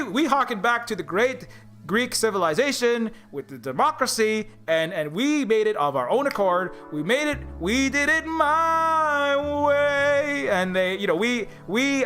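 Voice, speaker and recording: A man's voice: sits high, sharp tone. Sarcastic man ranting with stammered restarts. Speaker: indie game developer streaming live. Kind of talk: rambling livestream rant.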